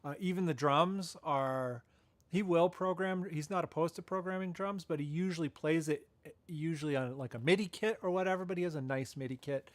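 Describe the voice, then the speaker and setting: A man hosts a casual live podcast, talking loosely with plenty of ums and restarts. His voice sits a little high. The sound is close and dry. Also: fairly quick, no echo. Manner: rambling, chatty, frequent fillers and self-corrections; laughs at his own asides. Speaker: podcast host.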